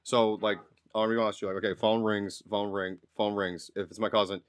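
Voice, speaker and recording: A man from Massachusetts with a Boston accent, co-hosting a podcast and chatting casually in a rambling, animated way. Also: on the low side, brisk, clean tone, no echo, clean studio sound. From Massachusetts, North Shore. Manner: rambling, animated, repeats himself. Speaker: podcast co-host. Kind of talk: casual chat.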